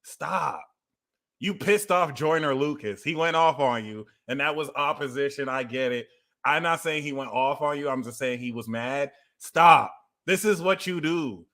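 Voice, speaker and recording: Male astrology streamer, bright and forceful tone, lively profane rant. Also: on the high side, measured pace. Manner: animated, profane, shouts and mimics others. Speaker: astrology reader. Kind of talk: casual livestream rant.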